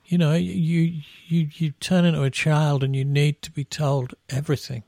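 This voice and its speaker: A man's voice: fairly high pitch, flat delivery, normal speed, creaky, hardly any pauses, mellow, no echo, studio quality. A middle-aged man from England, a band musician telling rambling anecdotes in casual chat, with restarts and laughs at his own stories.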